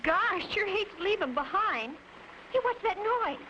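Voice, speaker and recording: A woman's voice: extremely high pitch, lively intonation, unhurried, pushed and bright, full character voice. A woman voicing an eager young boy sidekick who is easily alarmed, on a noisy, dull old cartoon soundtrack.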